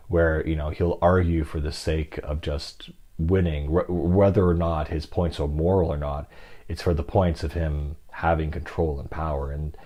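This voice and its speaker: A man's voice: extremely low pitch, a little mellow. A man casually discussing a classic novel in a rambling, reflective way, with many fillers and restarts. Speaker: book discussion host.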